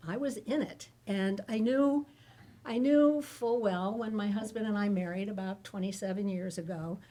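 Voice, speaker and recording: Middle-aged American woman, panel speaker, frank and funny storyteller, mid-pitched voice. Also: normal speed, warm tone. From United States. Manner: candid, joking storyteller. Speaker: caregiver panelist. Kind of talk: personal story at a public panel.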